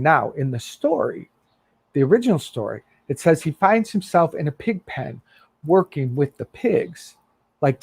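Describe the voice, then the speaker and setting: A man preaching as a minister, telling a story in an earnest, expressive way. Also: fairly high pitch, no room sound. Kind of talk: sermon storytelling.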